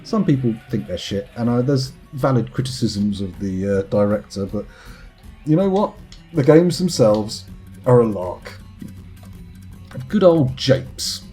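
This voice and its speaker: A man streams a game and chats with his viewers in a rambling, self-mocking, wry way. His voice rises and falls a lot, lively and full of movement. Soft guitar music plays faintly behind him. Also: medium pitch, measured pace. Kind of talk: casual live-stream chat while gaming.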